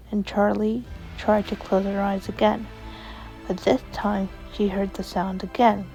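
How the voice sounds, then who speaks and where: Slow, gravelly bedtime storyteller woman. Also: mid-range voice, little pitch movement, warm tone, faint music behind, low-quality recording.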